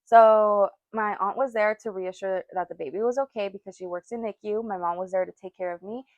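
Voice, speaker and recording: A woman's voice: medium pitch, fairly even intonation, fairly quick, no room sound. A young woman co-hosting a casual podcast chat, telling a personal story with frequent laughter and quoted voices. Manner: chatty, laughs often, acts out quotes. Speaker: podcast co-host.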